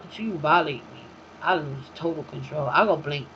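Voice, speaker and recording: A woman's voice: deep voice, moderate pace. Blunt, profane woman storyteller. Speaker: talk show host. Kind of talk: casual monologue. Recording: dull, slightly lo-fi recording with faint hiss.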